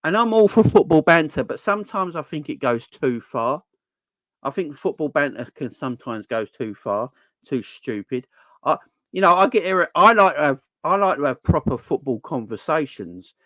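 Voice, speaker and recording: A man's voice: fairly high pitch, animated, moderate pace, fairly bright tone, dry recording. Earnest man chatting on a live stream. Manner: earnest, repeats phrases for emphasis. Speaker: football channel host. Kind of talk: casual live-stream Q&A chat.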